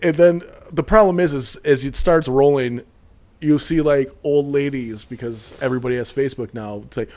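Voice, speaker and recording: A man's voice: mid-range voice, normal speed, a little mellow. A man with a Midwestern American accent, hosting a podcast and telling crude stories in casual chat, laughing often. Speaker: podcast host.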